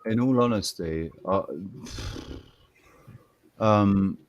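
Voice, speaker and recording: A man's voice: lowish voice, very slow, no echo, dull audio. A man co-hosting a podcast in casual chat, rambling, repeating words and swearing freely. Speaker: podcast co-host.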